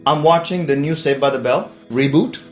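A man's voice: a little high, normal speed, faint music behind, voice pushed down, natural voice. A man voicing an unbothered male prophet who brushes off a visitor in casual slang. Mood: dismissive.

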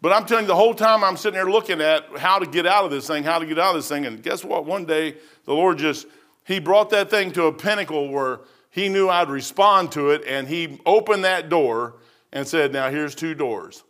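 A male pastor delivers a verse-by-verse sermon in a plain, folksy manner. He circles back over his phrases and drops in a casual "man". His voice sits somewhat high for a man. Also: a little fast, fairly bright tone. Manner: folksy and conversational, repeats phrases, says "man".

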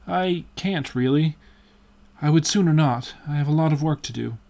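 A man doing an earnest, pleading painter, pitched up. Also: moderate pace, vocal fry, a little mellow. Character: earnest anxious male painter. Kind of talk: audiobook character reading.

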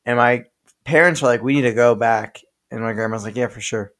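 A young man telling stories on a podcast, rambling and profane, stopping to laugh at himself. His voice sits at an ordinary middle pitch for a man. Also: a little fast, fairly bright tone. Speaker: podcast co-host. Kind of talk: casual storytelling chat.

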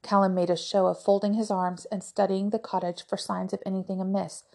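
A woman narrating a fantasy novel aloud in an even, measured storytelling voice. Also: mid-range voice, gravelly. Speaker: audiobook podcast narrator.

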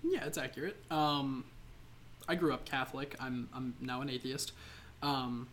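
A man's voice: medium pitch, a little slow, fairly bright tone, slight background noise. A man co-hosting a podcast in casual comedic chat, laughing often and swearing freely as he acts out silly scenes. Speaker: podcast co-host.

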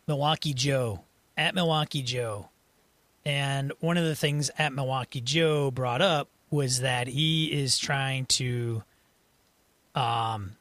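Guy hosting a gaming podcast, mid-pitch, laid back, thinks out loud, dry sound. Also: no echo. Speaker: podcast host. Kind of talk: casual chat.

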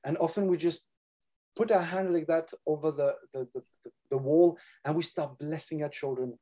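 Older man with a French first language, mellow tone. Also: a little high, fairly even intonation. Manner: earnest, halting, repeats words. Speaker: guest. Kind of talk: casual Christian conversation.

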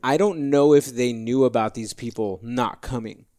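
A man's voice: mid-range voice, moderate pace, mellow. A man co-hosting a casual podcast chat, talking in an easygoing, slightly hesitant way. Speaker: podcast co-host.

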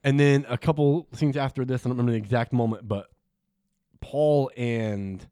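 A man's voice: medium pitch, fairly even intonation, normal speed, mellow, dry recording, clean studio sound. A man in casual chat, recapping a film scene by scene, quoting the characters and swearing freely. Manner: retells scenes with quoted dialogue, swears freely.

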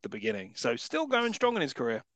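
A man's voice: mid-range voice, huge pitch swings, fast talker, a bit bright, no room sound. A man co-hosting a casual film-review podcast who throws in sarcastic wisecracks. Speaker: podcast co-host.

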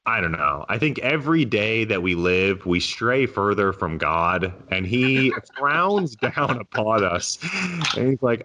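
A young man hosts a casual podcast, his voice sitting very low yet bright and forward. He talks sarcastically, swears freely and drops quick deadpan asides. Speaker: podcast host.

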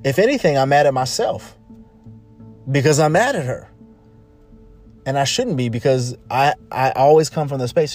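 A man's voice: mid-range voice, animated, normal speed, pauses often, a little mellow, faint music behind. Man giving a repetitive, emphatic monologue. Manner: repetitive, emphatic, rambling with restarts. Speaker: podcast host. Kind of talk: casual motivational monologue.

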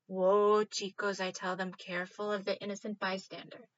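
A woman reading a children's book aloud, expressive and stopping now and then to fix her slips. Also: mid-range voice, brisk, dry recording, muffled recording. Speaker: reader.

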